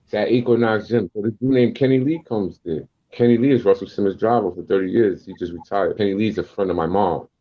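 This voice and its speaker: A man from Queens in his forties with a New York accent, a podcast guest telling stories in a casual, streetwise, animated way. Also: fairly low pitch, fast, few pauses, lo-fi sound. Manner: animated, streetwise storyteller who acts out quotes. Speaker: guest rapper and producer.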